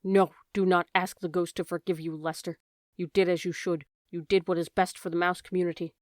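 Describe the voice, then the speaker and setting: A woman's voice: lowish voice, little pitch movement, a little fast, a little mellow, dry recording, studio quality, close to an everyday voice. A woman voicing a stern, pompous male head mouse who leads a council in a storybook reading. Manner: commanding, pompous.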